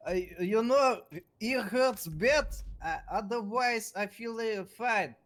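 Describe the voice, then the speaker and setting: A man's voice: sits high, takes it slowly, a bit bright. A man playing a rookie officer in a roleplay game, easygoing and casual in his replies. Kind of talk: casual in-character roleplay chat.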